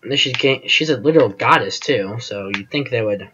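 A man's voice: mid-range voice, a little fast, pushed and bright, muffled recording, faint music behind. A man giving casual gameplay commentary as host of his channel, rambling and self-deprecating, often trailing off with fillers.

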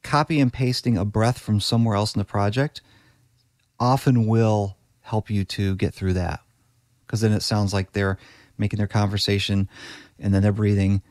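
Guest, male, low-pitched, practical explainer, dry close sound. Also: a little mellow, no room sound. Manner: practical, explanatory, with frequent restarts. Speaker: guest podcast editor. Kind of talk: conversational interview.

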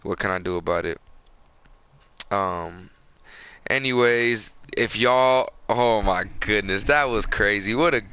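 A man giving live gameplay commentary on a close desk mic, excitable and boastful, with breathy asides to his viewers. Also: fairly low pitch, slow pace. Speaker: gaming video creator. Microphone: close desk microphone.

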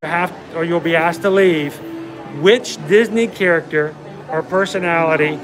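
A man's voice: fairly high pitch, normal speed, music in the background. A man co-hosting a livestream, chatting casually and joking while walking through a theme park outdoors. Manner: joking, playful, laughs often. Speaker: livestream co-host.

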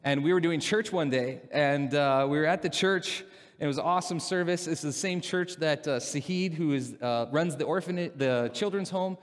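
A pastor tells stories from the pulpit in a loose, conversational sermon, getting louder as the stories build. His voice sits a touch high for a man. The sound rings out with the long reverb of a large church hall. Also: normal speed. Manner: animated storyteller, gets louder and laughs at his own stories. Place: church sanctuary.

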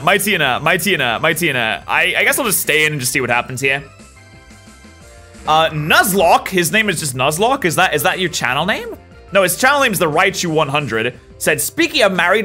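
A woman's voice: deep voice, a bit bright. A woman hosting a game let's play, chatty and joking as she plays and reads out comments. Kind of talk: gameplay commentary, reading comments.

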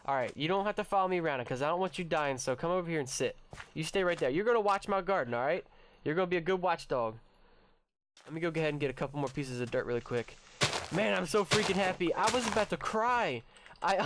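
A young man hosting a let's-play, chatting excitedly with his viewers and his pet, cursing when startled. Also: fairly high pitch, noisy background. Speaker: gaming channel host. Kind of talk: casual let's-play commentary.

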